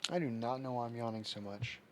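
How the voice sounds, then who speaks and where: A man hosting a livestream, chatting casually with viewers and reacting slowly to their messages. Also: mid-range voice, steady tone, a little hiss or hum. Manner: slow, drawling, reacting to chat messages. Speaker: livestream host. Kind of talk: casual chat with live viewers.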